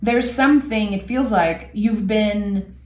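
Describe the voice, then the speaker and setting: A woman giving an intuitive tarot reading in a gentle, reflective way, with soft pauses between her thoughts. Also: mid-range voice, echoey room. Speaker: tarot reader.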